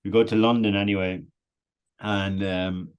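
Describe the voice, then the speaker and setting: An Irish man, a podcast guest, telling a wild party story in casual, animated fashion with frequent laughs. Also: low-pitched, unhurried, clean tone, dull audio. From Ireland. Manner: animated anecdotal, laughs often.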